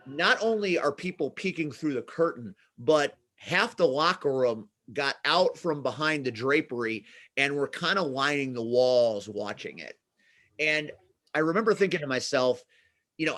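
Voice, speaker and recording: A man's voice: medium pitch, a bit bright. Rambling male podcast host. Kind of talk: casual interview chat.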